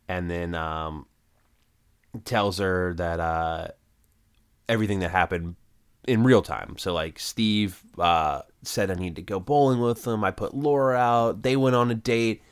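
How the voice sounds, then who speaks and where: A deep, smooth-voiced man talks through a sitcom plot in a loose, chatty way. He pads his sentences with ums and uhs and stops now and then to add his own comments. The voice is low and clean. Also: a little slow. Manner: plot retelling with many fillers. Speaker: podcast co-host. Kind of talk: casual recap chat.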